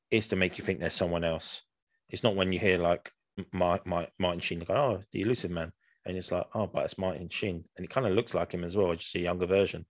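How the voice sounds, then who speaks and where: A man's voice: sits low, no echo. A man co-hosting a podcast, chatting casually and rambling with many restarts. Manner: rambling, restarts often, says "man" a lot. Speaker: podcast co-host. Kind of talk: casual chat.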